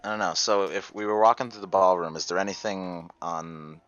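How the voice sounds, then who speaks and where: A man's voice: sits low, fairly quick, fairly bright tone. A man playing a tabletop game, easygoing and amused. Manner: amused, easygoing, laughs often. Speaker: player. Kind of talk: casual tabletop play. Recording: dull lo-fi audio.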